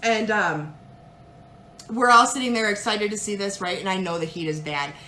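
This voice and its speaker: A woman jewelry consultant telling a story in a casual, animated way, acting out the people she quotes. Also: mid-range voice, normal speed, echoey room, a little hiss or hum. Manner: animated, dramatic retelling with put-on quoted voices.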